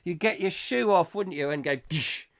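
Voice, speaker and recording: A man's voice: sits high, normal speed, fairly bright tone. Rambling male livestream host with a cold. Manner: rambling, reads out viewer comments. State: has a cold. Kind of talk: casual live-stream chat.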